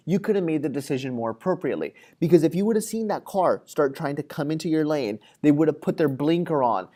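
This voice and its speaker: A fairly high-pitched, slightly mellow male voice delivers a psychology class lecture. The tone is chatty with frequent fillers, and he voices out everyday scenarios as quoted dialogue.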